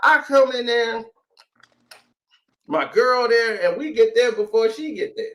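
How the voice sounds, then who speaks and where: A man in his thirties with a high, bright, forceful voice tells a story in relaxed conversation. His pitch jumps around as he acts out the other people in it, and he laughs easily. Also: a little slow. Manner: animated, acts out quoted voices, laughs often. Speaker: host. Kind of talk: storytelling in casual chat.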